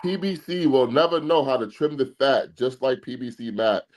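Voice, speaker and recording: A man's voice: medium pitch, animated, normal speed. A man hosting a boxing podcast in casual chat, blunt and exasperated, swearing at his co-host.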